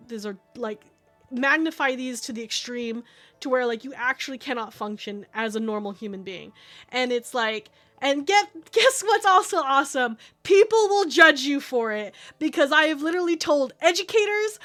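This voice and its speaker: A woman's voice: high-pitched, fairly bright tone. A young adult woman streamer venting in casual chat, heated and profane, full of fillers.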